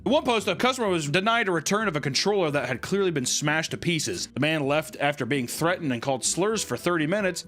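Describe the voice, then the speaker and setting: A man reading a scripted video narration in a measured, informative way. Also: fairly high pitch, a bit bright. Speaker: documentary narrator.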